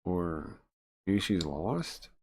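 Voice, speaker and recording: A man's voice: sits low, very animated, extremely slow, darkish tone, slight background noise. A man streaming a visual novel, reading its text aloud and chatting casually between passages, with frequent filler ums. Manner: rambling, many filler ums, reads game text and chats between. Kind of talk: casual live-stream chat and read-aloud.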